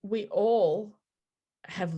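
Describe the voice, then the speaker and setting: A woman in her forties, a podcast guest telling personal stories in an animated way, often laughing and acting out what people said. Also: mid-range voice, extremely slow, lo-fi sound. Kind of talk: conversational storytelling.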